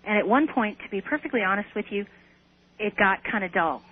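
A woman's voice: medium pitch, animated, fairly quick, breathy edge. A woman guest in an interview, earnestly recounting a personal experience with some hesitant restarts. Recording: tinny phone line on radio.

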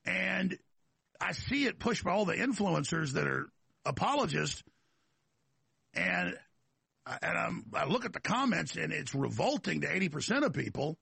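A man with a high, heavily gravelly voice holds forth as a talk show host in a rambling political monologue. His tone is bright and forceful, with a husky edge, and it sits dry and close to the mic. He stumbles over restarts and repeats words as he drives each point home. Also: sing-song, normal speed, no room sound.

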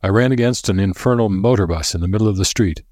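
Guy doing a grim old professor, solemn, husky and dry, bit higher than his own voice. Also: quick pace, darkish tone, dry recording, natural voice.

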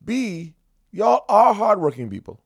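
Gravelly man in lively casual talk. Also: unhurried, no room sound, clean studio sound. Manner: animated, pitch jumps high when emphatic. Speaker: podcast co-host. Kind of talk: casual chat.

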